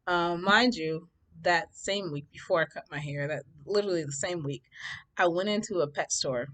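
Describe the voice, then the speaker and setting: A woman's voice: on the low side, moderate pace, fairly bright tone. A woman telling a personal story in a casual vlog, sassy and laughing often.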